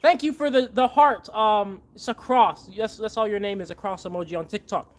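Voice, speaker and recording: A man with a high-pitched voice hosts a casual livestream. He talks to his viewers in a chatty, explaining way as he answers their questions. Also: moderate pace. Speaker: livestream host.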